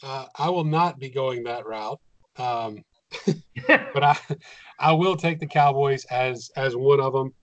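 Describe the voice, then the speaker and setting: Man, sports podcast co-host, measured, analytical, dry close recording, lo-fi. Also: mid-range voice, a bit bright, no echo. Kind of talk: casual sports chat.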